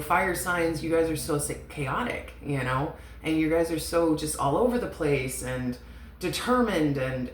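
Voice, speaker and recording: A woman giving a casual tarot reading, chatty and emotional, swearing and laughing often. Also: low voice. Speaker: tarot reader. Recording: echoey room with faint noise.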